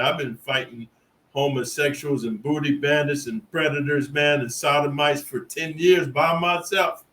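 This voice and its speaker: A man's voice: fairly high pitch, a bit bright, poor audio. A middle-aged man from California telling prison stories in a boastful, rambling, streetwise monologue. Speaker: prison storyteller. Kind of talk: casual profane monologue.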